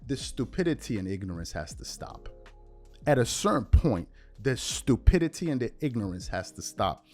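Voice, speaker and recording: A man's voice: mid-range voice, a little mellow. Bronx male host, heated rant, repeats himself for punch, faint music under. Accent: New York (Bronx). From United States. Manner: emphatic, repetitive, rising to indignant outbursts. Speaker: show host. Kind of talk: heated commentary monologue.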